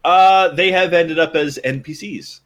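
A man in casual group chat, telling a long story in an animated, rambling way with restarts. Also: on the high side, measured pace. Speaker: guest.

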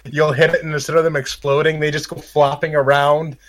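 Male podcast co-host, goofy teasing banter, voice a touch high. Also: level tone, brisk. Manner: teasing, goofy, swears casually. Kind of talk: casual chat.

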